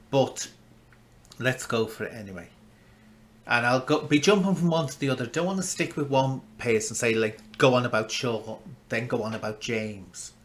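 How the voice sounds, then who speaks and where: A man commenting on an online feud in a casual, gossipy way, shifting between loud outbursts and hushed asides. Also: lowish voice.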